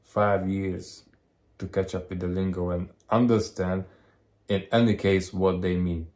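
Guy with a really deep voice, talks slow and measured, co-hosting a chill vlog. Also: level tone, darkish tone. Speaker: co-host, husband. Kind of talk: casual chat.

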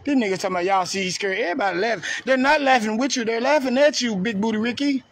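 A man's voice: very high-pitched, racing, a bit bright. A man delivering a confrontational, profane rant on a live video and taunting someone over and over. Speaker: streamer ranting on a live video.

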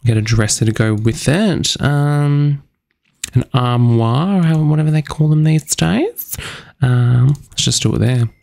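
A man's voice: medium pitch, a little slow, creaky, darkish tone. A young man chatting casually in a bubbly, chatty, self-mocking way while he narrates his gameplay. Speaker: gaming channel host.

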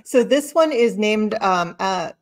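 A woman's voice: medium pitch, expressive, slow. A woman hosting a casual cheese tasting chat, explaining each cheese with many fillers and self-corrections. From lives in Sicily. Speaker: cheese box host.

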